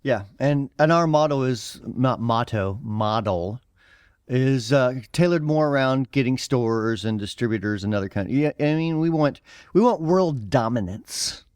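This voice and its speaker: A man with a Midwestern accent co-hosting a podcast, talking loosely and rambling with plenty of fillers. His voice sits at an ordinary pitch, recorded dry and close with no room around it. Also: measured pace, clean tone, dry recording. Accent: American Midwest. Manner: relaxed, rambling with fillers and laughs. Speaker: podcast co-host. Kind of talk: casual chat.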